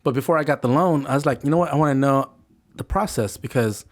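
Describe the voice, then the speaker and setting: A man's voice: medium pitch, quick pace. A man in his forties, telling a story in a casual interview and acting out other people's lines. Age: 40s. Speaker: podcast guest.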